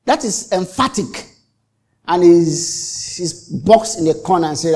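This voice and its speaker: Unhurried and a little mellow, this pastor's mid-range voice swings widely in pitch as he preaches. He dramatizes the exchanges he relates, restarting and repeating phrases to emphasize them.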